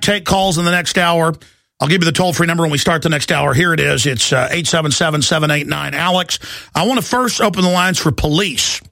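A man hosting talk radio delivers an impassioned, ranting monologue that keeps climbing into shouts. His voice is gravelly and forceful, set a bit high for a man. The sound is close and dry. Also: no echo. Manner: ranting, shouting, repetitive, urgent. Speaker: radio talk show host.

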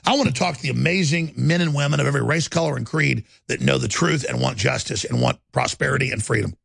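A middle-aged man rants through a talk show, his voice gravelly and husky, sitting fairly high for a man. The sound is close and dry, with no room around it. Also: fast, fairly bright tone, dry recording. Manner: ranting, swings between growls and high mocking voices. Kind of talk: ranting political talk show.

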